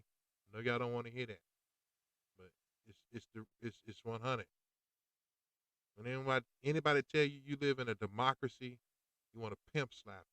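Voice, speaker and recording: A man's voice: medium pitch, fairly bright tone, clean tone, no room sound, low-quality recording. A man hosting a podcast, talking in a fired-up, preachy and slangy monologue. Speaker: podcast host. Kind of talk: opinionated monologue.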